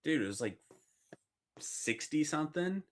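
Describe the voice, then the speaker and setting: A man's voice: a little high, animated, unhurried, slight background noise. A man hosting a live trading stream, chatting casually, cursing often and laughing easily. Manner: profane, laughing, reacts to chat.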